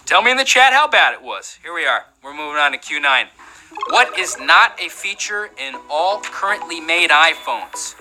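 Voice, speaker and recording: A man's voice: on the high side, sing-song, moderate pace, sharp tone, faint music behind, low-quality recording. A man hosting a live trivia game show, playful and jokey, keeping the energy up.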